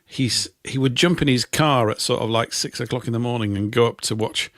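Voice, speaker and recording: A man's voice: medium pitch, a little fast, fairly bright tone, no echo. A man in his fifties with a Yorkshire accent, co-hosting a casual radio chat and telling rambling anecdotes with dry, self-mocking humour. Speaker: co-host.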